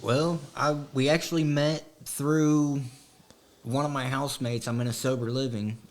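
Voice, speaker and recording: Here a Southwest Ohio man with a light country drawl talks easily as a guest on a laid-back podcast, sprinkling in plenty of fillers. His pitch is medium, his tone steady, and he speaks at a normal speed.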